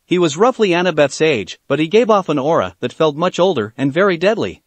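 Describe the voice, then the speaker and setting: Man, fan fiction narrator, fairly high voice, dry close sound, steady read-aloud. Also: brisk, dry recording.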